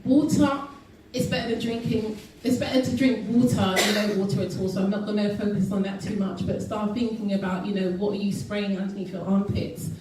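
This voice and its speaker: A woman's voice: mid-range voice, fairly even intonation, a little fast, hardly any pauses, noisy background. A woman giving a health talk to an audience at an event, earnest and full of ums and restarts. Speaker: guest speaker. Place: event hall. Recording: echoey hall recorded from far off.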